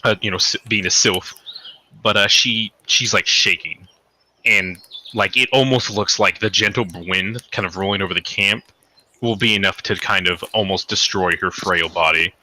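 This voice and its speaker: A man narrates a tabletop game as game master, rambling along with many fillers and restarts. His voice sits fairly low, with a very bright, edgy tone and faint noise behind it. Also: fairly even intonation, normal speed.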